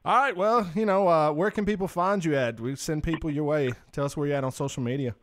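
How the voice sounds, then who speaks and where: A man's voice: on the high side, fast talker. A man hosting a casual podcast chat, teasing his guests and egging them on in an upbeat way. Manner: teasing, upbeat, eggs others on. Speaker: host.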